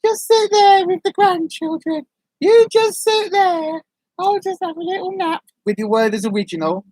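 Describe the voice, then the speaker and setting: A woman voicing a sleepy, doddery elderly grandparent in a high, quavering, drawn-out voice. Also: lively intonation, darkish tone, dry recording. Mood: dozy fond.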